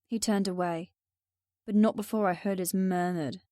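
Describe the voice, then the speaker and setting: A woman narrates a first-person audiobook in an even, subdued way. Her voice is mellow and warm, recorded close and dry. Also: medium pitch, moderate pace, dry recording.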